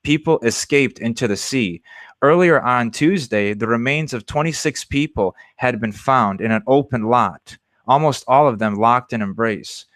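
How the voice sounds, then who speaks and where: A man co-hosting a podcast, reading news stories aloud in a steady, plain way and chatting between them. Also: medium pitch, moderate pace, dry recording, clean studio sound. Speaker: podcast co-host. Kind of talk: reading news aloud, then casual chat.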